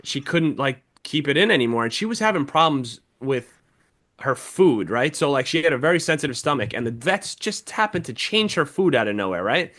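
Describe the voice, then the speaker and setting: A young man talking on a casual podcast, his pitch sitting in a middle range for a man. He swears constantly and tells an emotional story, speaking openly about it. The talk is loose and unscripted. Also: animated, a little fast, a bit bright. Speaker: podcast co-host. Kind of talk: casual chat.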